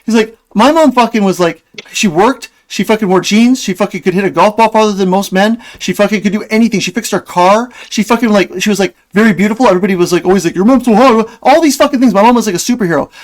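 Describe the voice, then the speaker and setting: A man in a heated online debate, talking rapidly and swearing defensively. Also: high-pitched. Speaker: streamer.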